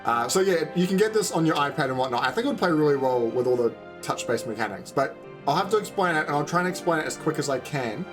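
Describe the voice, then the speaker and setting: A man's voice: fairly high pitch, animated, fast, hardly any pauses, music in the background. A man with a New Zealand accent hosting a game video, chatting casually and explaining as he goes. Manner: upbeat, rambling, explaining as he goes. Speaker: let's play host.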